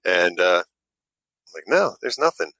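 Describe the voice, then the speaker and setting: A man, a guest who makes models, telling an animated story in casual chat and acting out the quotes with little stammers. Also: low-pitched, slow pace, no room sound, low-quality recording.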